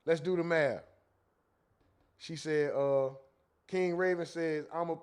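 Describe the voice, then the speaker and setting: A man hosts a casual livestream, reading viewers' comments aloud. His voice sits high and he jokes loosely with the chat. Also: slow pace, long pauses, clear, resonant tone. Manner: animated, laughing, reads chat comments aloud in a joking tone.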